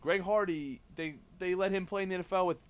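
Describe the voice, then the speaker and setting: A young man co-hosting a casual sports podcast, arguing his points quickly and correcting himself as he goes. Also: high voice, fairly even intonation, clean tone. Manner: fast, argumentative, self-correcting. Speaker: podcast co-host. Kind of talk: casual chat.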